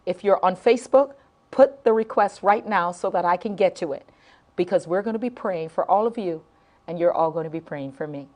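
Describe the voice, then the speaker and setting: A woman's voice: fairly low pitch, brisk, mellow. A middle-aged woman hosting a live late-night talk show, heartfelt and emotional, repeating phrases and stumbling over her words as she talks to viewers.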